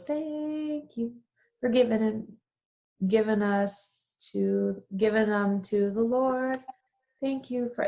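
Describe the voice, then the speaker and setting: A woman in her thirties, a funeral director, chatting casually and telling stories with lively, expressive swings. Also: mid-range voice. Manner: animated, expressive storytelling. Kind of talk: casual chat over wine.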